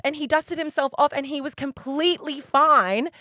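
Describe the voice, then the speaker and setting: Woman, podcast co-host, animated storyteller who laughs mid-tale, dry close sound. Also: high-pitched, normal speed, dry recording. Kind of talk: casual chat, storytelling.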